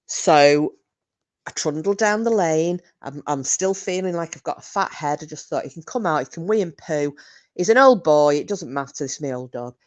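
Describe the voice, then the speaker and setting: A woman's voice: low-pitched, animated, moderate pace. A woman, chatting casually with her viewers on a live stream and telling rowdy drunken stories with plenty of swearing.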